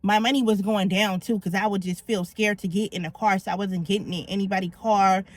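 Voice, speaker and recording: A woman's voice: medium pitch, steady tone, fairly quick, no room sound. A middle-aged woman vlogger telling her own story in a candid, blunt and slangy way. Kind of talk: confessional storytelling.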